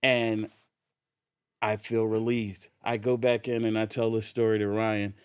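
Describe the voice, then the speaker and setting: A man's voice: lowish voice, a little slow, clear, resonant tone, dry recording. A man, a podcast guest, tells a funny anecdote casually, laughing often as he goes. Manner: animated storyteller who laughs often.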